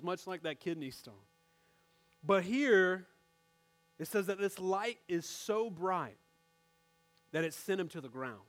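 A young male pastor with a notably high voice for a man preaches to his congregation in a church. His delivery is conversational and direct, speaking to the people in the room as he explains his point. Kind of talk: sermon.

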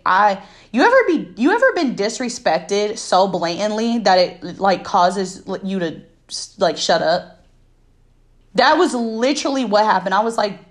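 Heated, profane woman telling a story. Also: mid-range voice. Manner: profane, heated, emphatic retelling. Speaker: podcast host. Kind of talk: casual storytelling rant.

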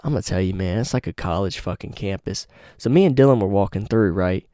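A man's voice: deep voice, fast talker, mellow, no echo, studio quality. A young man hosting a podcast, telling a story in a casual, slangy and profane way. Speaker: podcast host. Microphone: studio mic with pop filter.

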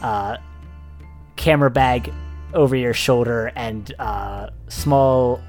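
A man's voice: medium pitch, slow pace, darkish tone, soft background music. Hesitant man narrating a tabletop game. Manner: hesitant, many fillers. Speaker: game master.

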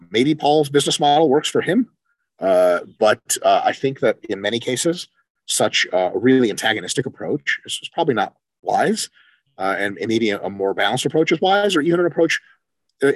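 A man co-hosting a casual podcast chat, animated and profane, acting out quoted exchanges as he talks. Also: medium pitch, a little fast, no echo. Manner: animated, swears freely, acts out quoted exchanges. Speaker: podcast co-host, coach.

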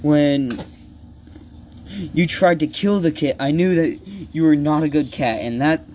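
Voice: medium pitch, unhurried, mellow, a little hiss or hum, close to an everyday voice. Leech Star, an accusing leader cat, as a storyteller reads it. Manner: accusing, stumbling over words.

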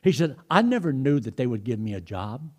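A man's voice: mid-range voice, big pitch swings, a little fast. A middle-aged man preaching a sermon, telling folksy stories and retelling phone calls in quoted speech. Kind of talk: sermon with storytelling.

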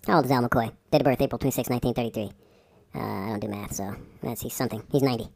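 A man in his forties co-hosting a casual chat podcast, laid-back and joking, quick to laugh. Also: medium pitch, creaky, darkish tone. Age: 40s. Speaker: podcast co-host.

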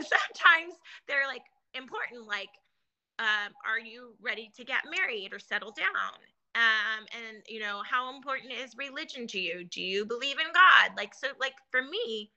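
Casual guest: a bright-toned, slightly high-voiced woman, animated storyteller, filler-heavy. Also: muffled recording. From California. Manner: chatty, animated storytelling with many fillers and restarts. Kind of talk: casual conversation.

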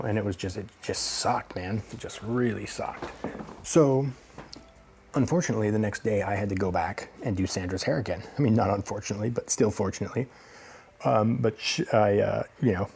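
A man's voice: on the low side, a little mellow, husky. A man from the Pacific Northwest telling a personal story casually, rambling and swearing now and then. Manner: rambling, many fillers and restarts, casual swearing. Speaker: hairstylist telling his story.

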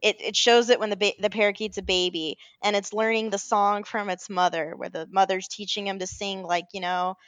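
A woman co-hosting a casual podcast, telling stories in an animated, rambling way, full of fillers and self-corrections. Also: mid-range voice, brisk, few pauses, dry recording. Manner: animated storytelling, often laughing. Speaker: podcast co-host. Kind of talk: casual chat.

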